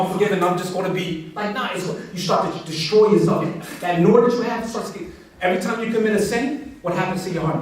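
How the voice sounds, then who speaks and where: Heard from afar in a large hall full of echo, a man gives an impassioned yet conversational religious talk directly to those listening. His voice is very high-pitched with a fairly bright tone.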